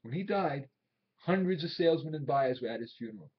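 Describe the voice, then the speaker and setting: An actor playing an aging, desperate traveling salesman in his sixties, pleading with his boss and swinging between quiet memories and angry outbursts. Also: fairly high pitch, lively intonation, a little fast, husky. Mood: wistful. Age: 60s. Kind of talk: film drama acting. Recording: dull old film soundtrack.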